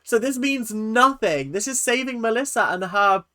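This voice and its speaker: A chatty reaction-video host, animated and swearing casually, laughing often into a close mic. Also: medium pitch, normal speed.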